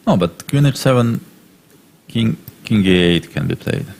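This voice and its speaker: A man's voice: fairly low pitch, expressive, a little slow, creaky, a little mellow. A man co-commentating on a chess game, working out moves aloud in a hesitant, back-and-forth way.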